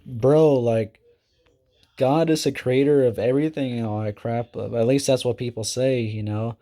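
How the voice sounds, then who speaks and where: A man's voice: mid-range voice, steady tone, moderate pace, warm tone. A man ranting casually in a rambling, profane way, with many fillers and restarts. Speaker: video creator. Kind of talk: casual rant.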